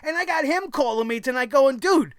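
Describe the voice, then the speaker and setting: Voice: high voice, a little fast, fairly bright tone, no echo, clean studio sound. A vlogger ranting about a wrestling show in a profane, sarcastic, exasperated way.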